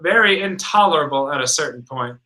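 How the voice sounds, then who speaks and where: Young guy rambling thru a story, bright edgy voice, kinda high. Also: lively intonation, brisk, rough recording. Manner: rambling storyteller, lots of filler words. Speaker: podcast co-host. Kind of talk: casual chat.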